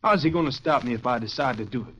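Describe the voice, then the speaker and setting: An actor playing a brash, boastful teenage bully in a 1940s radio drama. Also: male voice, medium pitch, expressive, fast, a bit bright, close to an everyday voice. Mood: swaggering. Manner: swaggering, brash. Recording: old lo-fi radio recording.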